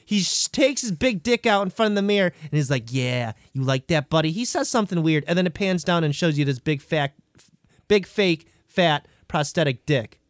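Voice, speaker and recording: A young man telling a crude, rambling story in casual comedic chat, tossing in quick quoted voices. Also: high voice, dry recording, studio quality.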